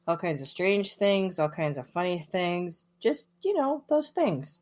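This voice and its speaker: A woman's voice: fairly low pitch, animated, slow pace. A woman co-hosting a casual podcast chat, laughing often as she talks. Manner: giggly, laughs often between phrases. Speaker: podcast co-host.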